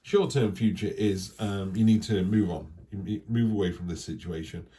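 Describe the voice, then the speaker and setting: A man's voice: fairly low pitch, moderate pace, mellow. A man giving a casual, chatty tarot reading, talking things through with reassuring asides. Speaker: tarot reader.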